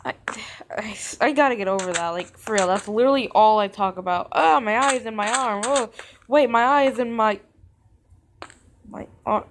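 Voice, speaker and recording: A woman's voice: a little high, moderate pace. A woman hosting a gaming video, rambling in character with giggly, self-mocking commentary as she plays. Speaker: gaming channel host. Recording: steady background noise.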